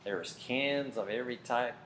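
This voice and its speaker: A man telling a story to children at camp, dramatic and expressive, getting loud for big moments. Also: mid-range voice, moderate pace. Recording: faint background noise.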